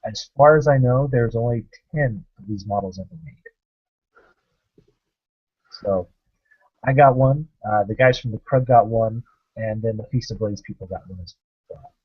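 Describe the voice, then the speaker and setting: Young man, husky voice, casual storytelling, acts out quotes, dull lo-fi webcast sound. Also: mid-range voice, moderate pace, long pauses. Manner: animated anecdote-telling, acting out quotes. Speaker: co-host of a tabletop gaming show.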